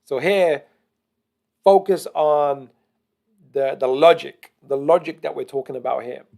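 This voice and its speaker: A man teaching trading chart analysis, explaining slowly and methodically to viewers. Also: on the high side, creaky, a little mellow. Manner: deliberately slow, methodical explaining. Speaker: trading educator. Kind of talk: screen-share chart analysis.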